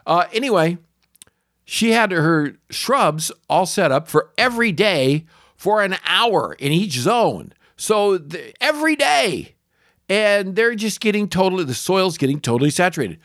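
A middle-aged man tells a story on his podcast in a casual, chatty way. His pitch swings widely and often jumps into high exclamations. The recording is dry and close, with no room sound. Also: measured pace, dry recording. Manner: animated anecdote-telling, jumps into high exclamations. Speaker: podcast host, lawn care professional.

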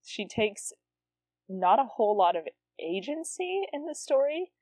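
A woman's voice: on the high side, very animated, measured pace, a little mellow, no room sound. A woman hosting a podcast who reads her own teenage novel aloud and comments on it, self-mocking and laughing at it. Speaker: podcast host reading her teen novel. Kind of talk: reading aloud and casual commentary.

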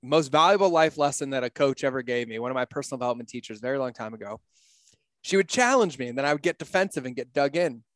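A man's voice: mid-range voice, lively intonation, fast, a bit bright, no room sound. A middle-aged man talking in a casual podcast conversation, blunt, profane and emphatic, telling stories from his life. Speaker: podcast guest, entrepreneur.

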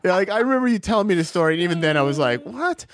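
A man's voice: high-pitched, expressive, racing. Swearing man rambling through a story. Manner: rambling, profane, many fillers. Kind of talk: casual chat.

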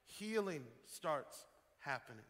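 High, bright-voiced preaching pastor. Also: male voice, slow pace. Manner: animated, rising to loud emphatic peaks. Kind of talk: sermon. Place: church sanctuary. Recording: long hall reverb with faint music.

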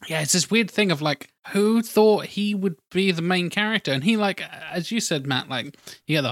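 A man's voice: high-pitched, moderate pace, dry recording, studio quality. A man from Britain co-hosting a casual film review podcast, exasperated and sweary, mocking the film with sarcastic quotes. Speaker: podcast co-host.

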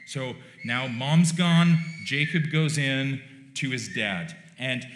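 A male pastor preaching a sermon in a relaxed, conversational way, with wry joking asides. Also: medium pitch, takes it slowly. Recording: roomy church echo.

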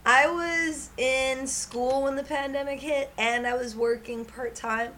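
A woman co-hosting a casual chat, telling stories in an animated way and laughing often. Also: high voice, measured pace, slight background noise. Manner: animated storyteller, acts out shouted quotes, laughs often. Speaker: podcast co-host.

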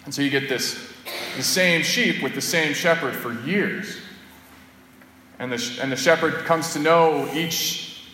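Bright-voiced priest in an echoey church. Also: male voice, a little high, unhurried, long pauses, slight background noise. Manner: conversational, storytelling delivery. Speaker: Catholic priest. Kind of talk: homily. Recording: echoey church with long reverb.

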